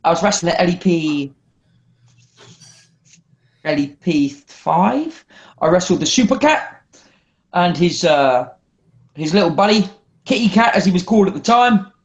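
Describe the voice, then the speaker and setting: A man's voice: high-pitched, lively intonation, measured pace, pauses often, dull audio. A man in casual podcast chat, telling stories animatedly, swearing freely. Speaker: wrestler guest.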